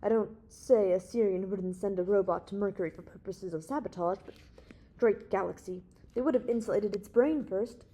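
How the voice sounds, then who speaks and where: A commanding young space hero, read by a woman in a warm, mellow tone. He builds his argument step by step, persuasive and sure of himself, as in a storybook reading. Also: mid-range voice, normal speed, close to an everyday voice. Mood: confident, reasoning. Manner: reasoned, persuasive, authoritative.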